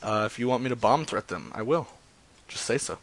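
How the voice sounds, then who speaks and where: Excitable, foul-mouthed male prank streamer. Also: mid-range voice, brisk. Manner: excitable, profane, laughs often. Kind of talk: casual live-stream chat.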